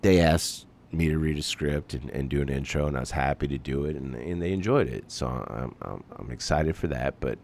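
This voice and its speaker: A man's voice: extremely low pitch, normal speed, gravelly, few pauses, darkish tone, slight background noise. A man hosting his podcast in casual chat, rambling about being a parent and swearing lightly. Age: adult parent. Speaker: podcast host.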